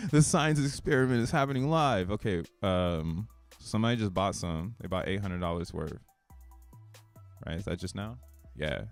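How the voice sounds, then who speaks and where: A man with a low-pitched voice rambles through casual, slangy crypto commentary on a live stream, swearing and getting excited as he goes. His voice is close and dry, with faint music under it. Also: dry recording. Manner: profane, excitable, slangy, thinking aloud.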